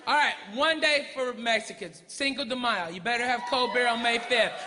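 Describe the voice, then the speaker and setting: A man doing a stand-up comedy routine in a brash manner, shouting his punchlines on a club stage. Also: extremely high pitch, moderate pace. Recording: reverberant club with audience noise. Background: audience laughter.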